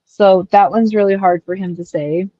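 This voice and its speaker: Woman host, easygoing storyteller, warm low-key voice, dull dry home mic. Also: fairly even intonation, normal speed, no echo. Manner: chatty storyteller, acts out voices in her anecdotes. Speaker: stream host. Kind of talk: casual chat.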